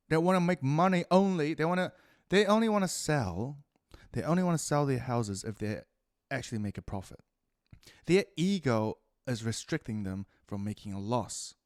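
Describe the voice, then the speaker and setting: A man with a New Zealand accent ranting profanely through a rambling solo monologue, swinging between loud outbursts and muttered asides. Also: mid-range voice, no room sound, studio quality. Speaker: podcast host.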